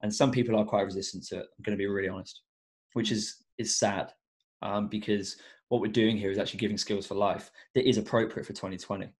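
A young man speaks in a fairly low voice as a podcast guest. He sounds earnest and reflective and fills his talk with frequent ums and likes. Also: steady tone, fast talker. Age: young adult. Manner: earnest and reflective, with many fillers. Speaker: guest, education coach. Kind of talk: casual podcast interview.

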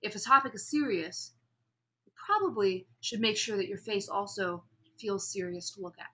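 A woman with a bright, forward voice teaches a speech class. She swings her pitch up and down to show contrast and calls on students with questions. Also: moderate pace. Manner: animated, demonstrates pitch and emphasis, asks students questions. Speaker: speech instructor. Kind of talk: classroom lecture.

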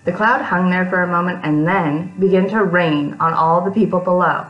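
A woman's voice: on the low side, moderate pace, echoey room, muffled recording. A woman reading a picture book aloud to young children, breaking off for chatty asides to them.

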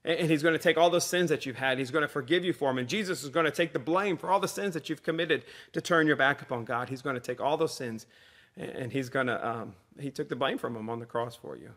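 A man's voice: mid-range voice, quick pace, fairly bright tone. A man, a pastor giving a conversational sermon with repeated refrains.

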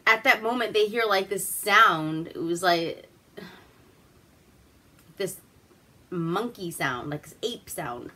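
A woman's voice: medium pitch, lively intonation, takes it slowly, pauses often, sharp tone. A woman from Alaska hosting a casual movie review, rambling through the plot with crude, swearing humor.

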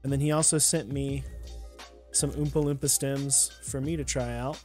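Easygoing co-host, casual chat, mid pitch. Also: steady tone, normal speed, a little mellow, soft background music.

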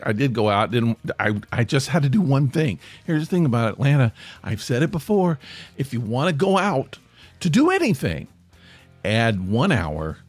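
A man hosting a casual solo podcast, hoarse with his voice nearly gone, rambling and grumpy in a joking way. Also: medium pitch, no echo. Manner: rambling, self-interrupting, grumpy humor. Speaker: podcast host. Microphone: podcast microphone.

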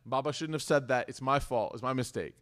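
A man's voice: medium pitch, brisk, fairly bright tone, voice pushed down, lightly acted. A man voicing an apologetic young father in a story told during a talk. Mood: remorseful.

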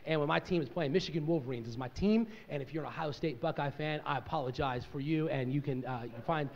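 Middle-aged male pastor, high voice, energetic sermon delivery; dull recording with long church-hall echo. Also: fast, creaky. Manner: energetic, joking, swings from loud to quiet. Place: church sanctuary.

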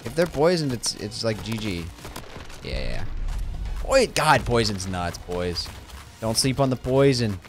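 A gaming streamer jokes and rambles to himself as he plays, giving casual commentary over game music. His voice is on the low side, sing-song and a little slow.

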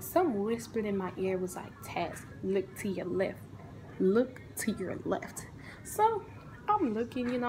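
Young adult woman, casual storytime vlog, animated, acts out each character. Faint noise. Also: fairly high pitch, rough recording.

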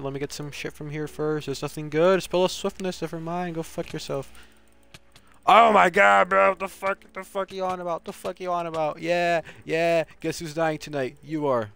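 A man's voice: on the high side, steady tone, normal speed, vocal fry, a bit bright, smooth. A man streaming a video game, commenting live with casual, profane trash-talk at other players.

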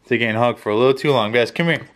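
A man's voice: medium pitch, racing. A young man vlogging casually and slipping into playful baby talk with his dog. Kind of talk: casual vlog chat.

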